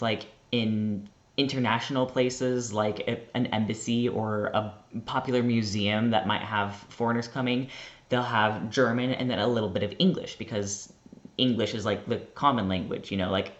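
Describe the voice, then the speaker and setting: Brief: young American man, mid-pitched, casual rambling vlogger, muffled lo-fi recording. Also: fairly bright tone. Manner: chatty, rambling, heavy use of "like". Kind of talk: casual storytelling vlog.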